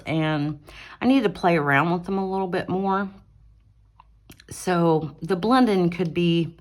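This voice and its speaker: A woman with a slightly low voice talks slowly and easily as she shows her colored pages. She chats casually, with fillers and small restarts. She is recorded on a phone held on an arm at her craft table at home. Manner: chatty and relaxed, with fillers and self-corrections. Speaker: adult coloring channel host. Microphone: phone on an arm mount.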